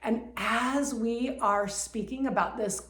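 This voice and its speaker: A woman's voice: a little high, takes it slowly, a bit bright. A woman who works as a Reiki healer, earnestly telling a heartfelt personal story. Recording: roomy echo.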